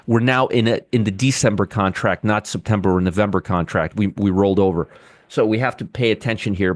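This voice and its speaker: A man's voice: on the low side, no room sound, studio quality. A man hosting a casual live market commentary, sarcastic and repetitive, answering chat viewers by name. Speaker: trading show host.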